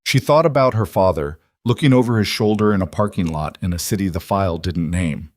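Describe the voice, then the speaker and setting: A man narrating a story in a steady, deliberate audiobook reading. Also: low voice, no echo, studio quality.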